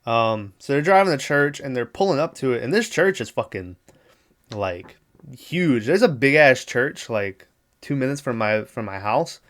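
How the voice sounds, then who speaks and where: Guy podcaster rambling through a movie recap, swears a lot, smooth clear voice, average pitch. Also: expressive, a little slow, a bit bright. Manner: profane, rambling storytelling with quoted voices. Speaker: podcast host. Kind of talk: casual solo movie recap.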